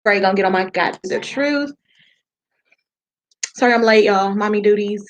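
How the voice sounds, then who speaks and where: A woman's voice: medium pitch, moderate pace. A woman hosting a livestream in casual chat from home, talking loosely with slang and laughing often. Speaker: livestream host. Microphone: computer mic on a live video call.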